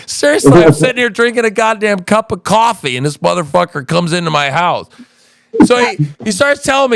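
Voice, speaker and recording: A man's voice: sits high, sing-song, fairly quick, gravelly, a bit bright, no room sound, clean studio sound. A man hosting a podcast from his home in the woods, telling a rambling, profane story in casual chat. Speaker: podcast host.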